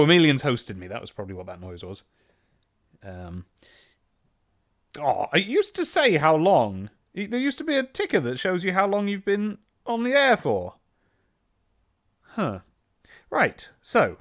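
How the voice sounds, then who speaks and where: A man's voice: on the high side, wildly swooping pitch, a little slow, fairly bright tone. A man in his thirties, chatting casually and rambling while live-streaming a game. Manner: rambling, self-interrupting, chatty.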